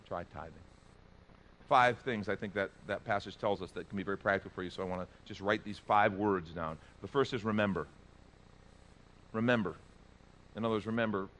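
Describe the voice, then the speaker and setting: A man preaching a sermon as pastor, earnest, rising loud when he reads scripture. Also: low voice.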